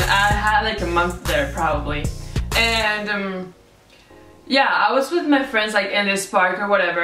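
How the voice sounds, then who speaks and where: A chatty young adult vlogger from Venezuela tells a casual story to camera, using "like" a lot and acting out animated quoted reactions. Her voice is medium-pitched, and the recording has roomy echo, a distant mic and music behind.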